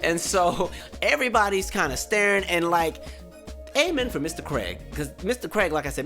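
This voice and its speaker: A man in his twenties, a podcast host telling a story casually, acting out the people in it with a raised voice. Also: high voice. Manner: animated, acts out quotes with raised voice.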